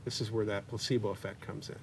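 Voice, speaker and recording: A man in his sixties, a paranormal investigator, is interviewed in a community media studio, talking chattily through anecdotes with joking asides. His voice is husky, creaky and darkish, fairly even in intonation and quick. The mic is distant and picks up a faint rumble.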